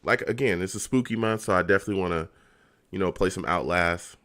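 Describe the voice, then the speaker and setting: A man's voice: deep voice, quick pace, fairly bright tone. A young man on a live stream reacting to a football game, laughing constantly and exasperated, talking in slang to his chat.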